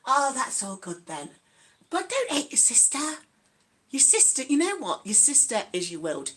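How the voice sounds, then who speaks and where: A woman's voice: high voice, huge pitch swings, moderate pace, fairly bright tone. A chatty, giggly woman with an East Midlands accent, talking casually to viewers and reading out their comments. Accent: East Midlands English. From Nottingham, England. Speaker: vlogger. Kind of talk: casual livestream chat.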